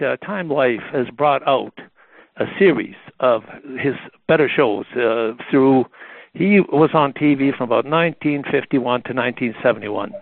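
Animated man telling stories over a phone line. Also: mid-range voice, no room sound. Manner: animated, acts out the voices in his stories. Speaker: guest telling stories about a friend. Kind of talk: anecdotal storytelling on a radio call. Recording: tinny phone-like radio line.

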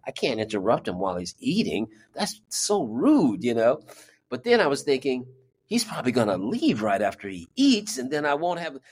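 Animated man telling a story. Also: medium pitch. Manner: animated storyteller, acts out quoted voices. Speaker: drummer and music teacher, guest. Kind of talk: storytelling in an interview.

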